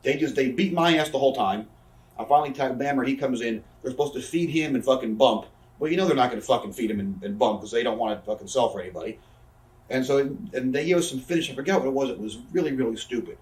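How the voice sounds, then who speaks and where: Man in his thirties, rapid talker, swears a lot, plays out quoted lines, roomy echo, away from the mic. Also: medium pitch, lively intonation, darkish tone, recorded from a distance. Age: 30s. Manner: profane, rapid storytelling that acts out quoted people. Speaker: interview guest, wrestler. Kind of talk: casual storytelling in a shoot interview.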